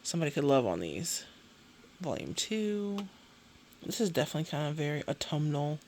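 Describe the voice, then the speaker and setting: A woman in her thirties chatting casually as a beauty vlogger, animated and ranting, often tagging her points with "okay?". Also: sits low, normal speed, a little hiss or hum. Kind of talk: casual chat.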